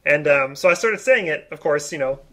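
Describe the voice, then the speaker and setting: A man's voice: a little high, lively intonation, a little fast, pushed and bright. A man co-hosting a podcast in casual chat, easygoing, who laughs while telling stories. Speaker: podcast co-host. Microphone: podcast mic on a desk, remote.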